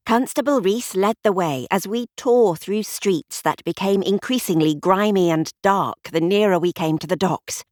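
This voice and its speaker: A woman narrating a mystery audiobook with expressive storytelling. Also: medium pitch, moderate pace, few pauses, dry recording, clean studio sound.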